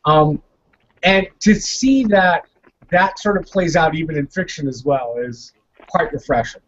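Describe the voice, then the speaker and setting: A man with an Indian accent co-hosting a podcast, animated and opinionated, with jokes along the way. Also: a little high, unhurried. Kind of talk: podcast interview chat. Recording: dull lo-fi audio with faint noise.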